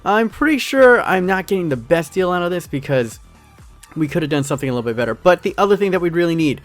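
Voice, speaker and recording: A man's voice: high-pitched, big pitch swings, quick pace, faint music behind. A young American man giving upbeat, jokey commentary on his football video game to his viewers. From United States. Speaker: gaming YouTuber. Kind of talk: casual gameplay commentary.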